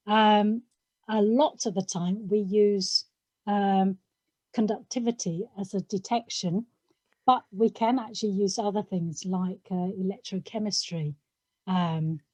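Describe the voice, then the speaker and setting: A middle-aged woman from South London, an analytical chemist, explaining her work on a video call in a relaxed way with frequent ums. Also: medium pitch, no echo. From South London, England.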